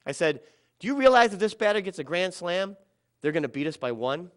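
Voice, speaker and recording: A middle-aged man telling a personal story about a children's ball game, dramatic and quoting others in softer or louder voices. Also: high-pitched, sing-song, fairly quick, clear, resonant tone.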